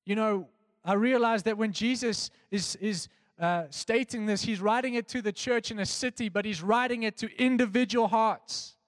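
Earnest high-voiced male preacher. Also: no room sound, long reverb tail. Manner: earnest, pausing, drops soft and low on key phrases. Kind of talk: devotional sermon with scripture reading.

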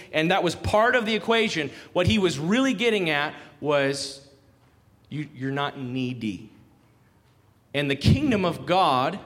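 A man's voice: fairly high pitch, fairly bright tone. A man preaching a sermon in a conversational way, acting out quotes and asking the congregation questions. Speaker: pastor. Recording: long hall reverb.

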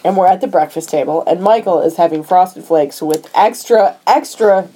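A woman's voice: lowish voice, moderate pace, dark tone, poor audio. A woman co-hosting a podcast, casually retelling a film's plot scene by scene. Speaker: podcast co-host. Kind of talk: casual movie recap chat.

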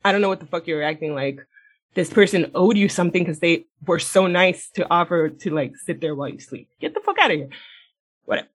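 A woman co-hosting a casual podcast, recapping a TV episode in a blunt, animated way, swearing a lot and laughing as she talks. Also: lowish voice, fairly quick, slightly rough. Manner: laughs often mid-sentence. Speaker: podcast co-host. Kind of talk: casual chat, retelling a TV episode.

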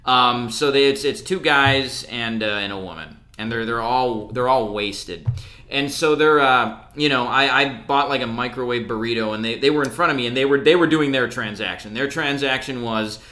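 A man's voice: mid-range voice, normal speed, pushed and bright. A man in his thirties, a podcast co-host, telling a casual story full of fillers and restarts. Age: 30s. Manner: rambling, lots of fillers and restarts.

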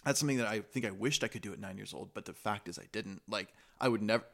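Excitable low-voiced man in podcast chat. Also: fast talker, vocal fry. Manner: animated, excitable, jokey. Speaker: podcast co-host. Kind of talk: casual review chat.

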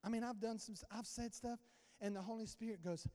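A man preaching with a strikingly high voice, talking to his congregation like friends and acting out everyday conversations. His words ring out with a long reverb through a church sanctuary. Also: fairly even intonation, brisk, warm tone. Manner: conversational preaching, acts out dialogue. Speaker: pastor. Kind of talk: sermon.

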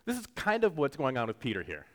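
A man's voice: mid-range voice, wildly swooping pitch, quick pace, a bit bright. A man preaching a sermon in a casual, jokey teaching style, acting out quotes as he goes. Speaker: pastor.

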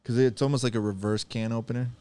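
A man's voice: mid-range voice, fast talker. A man co-hosting a podcast, chatting casually and profanely, laughing often. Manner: laughing, profane, animated banter. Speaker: podcast co-host. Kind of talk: casual chat.

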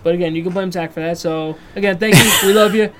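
A man's voice: high voice, steady tone, fast, a little hiss or hum. A man co-hosting a podcast, chatting casually, teasing and swearing as he signs off. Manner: joking, crude, teasing. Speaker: podcast co-host.

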